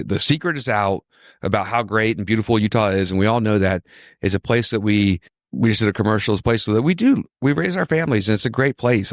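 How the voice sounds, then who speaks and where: Chatty low-voiced man from Virginia. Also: no room sound, studio quality. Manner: chatty, repetitive, enthusiastic storyteller. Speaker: injury lawyer, podcast host. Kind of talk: casual podcast chat.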